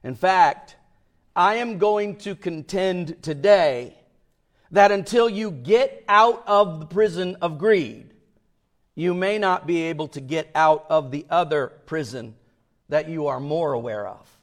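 A male pastor preaching a sermon in an emphatic way, dropping to a hush and then rising loud for emphasis. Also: a little high, slow pace. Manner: emphatic, with swings between hushed and loud.

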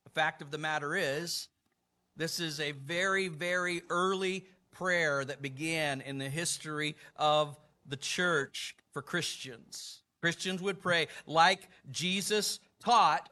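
An older man preaching a sermon, measured and emphatic, lifting his voice for quoted lines. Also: on the high side, sharp tone. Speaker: pastor.

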